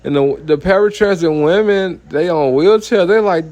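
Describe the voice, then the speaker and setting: A man's voice: high-pitched, moderate pace, hardly any pauses, darkish tone. A man, a minister giving a heated, blunt personal testimony full of profanity and repeated "you know what I mean".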